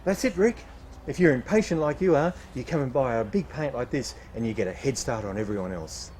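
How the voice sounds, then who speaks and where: A man working as a nurseryman, explaining gardening steps with patient, cheerful energy. His pitch moves a lot as he talks, and faint outdoor traffic sits behind him. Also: expressive, a little fast, darkish tone. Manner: patient, upbeat explaining while digging and planting. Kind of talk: garden how-to demonstration.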